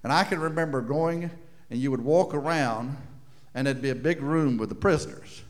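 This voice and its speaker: Middle-aged preacher guy, kinda high voice, goes big then drops real quiet, drags words out. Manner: dramatic swings from loud to hushed, slows for emphasis. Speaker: pastor. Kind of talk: sermon.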